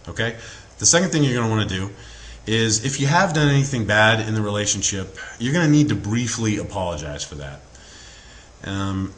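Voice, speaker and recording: Low-voiced man coaching with frequent "okay?". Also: a bit bright, a little hiss or hum. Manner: earnest coaching tone, frequent fillers and "okay?" check-ins. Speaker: relationship advice presenter. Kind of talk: instructional talk to camera.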